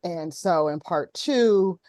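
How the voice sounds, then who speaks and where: A woman's voice: lowish voice, lively intonation, takes it slowly, dark tone, no echo, clean studio sound. A woman hosting a casual talk show, retelling a viral video with many ums. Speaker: host. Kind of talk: casual chat.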